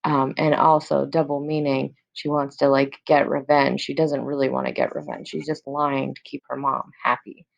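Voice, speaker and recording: A woman's voice: rumbling low, little pitch movement, moderate pace, vocal fry, few pauses, highs cut off. A woman teacher explaining a play in casual everyday words, with many fillers.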